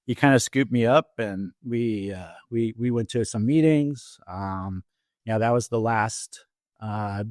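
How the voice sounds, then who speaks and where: A middle-aged man with a fairly low voice recounts a personal story as a podcast guest. He speaks haltingly, with frequent fillers and restarts. The sound is dry and close, with no room around it. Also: darkish tone, dry recording. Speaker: podcast guest, Army veteran. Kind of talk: personal story told in an interview. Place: podcast studio.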